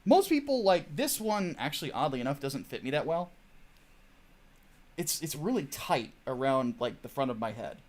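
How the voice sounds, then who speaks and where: A man hosting a livestream, ranting casually and wandering off on tangents while swearing freely. His fairly high voice swings up and down with animated emphasis. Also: moderate pace. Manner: profane, digressive, chatty. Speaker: host.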